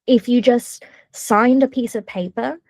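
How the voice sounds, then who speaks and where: A woman author in a casual interview, telling stories in a lively way with quick asides and many fillers. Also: on the high side, no echo.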